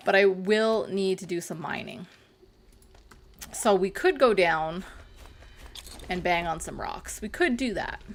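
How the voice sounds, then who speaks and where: A woman's voice: medium pitch, bright, forceful tone. A woman hosting a casual game livestream, chatting with viewers in a playful, sarcastic way and making innuendo jokes. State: burnt mouth. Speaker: livestream gamer host. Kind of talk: casual live-stream chat with viewers.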